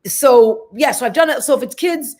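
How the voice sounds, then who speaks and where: A woman's voice: high-pitched, moderate pace. Talkative woman telling showbiz stories. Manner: lively storytelling, acts out quoted voices. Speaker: actress guest. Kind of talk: interview conversation.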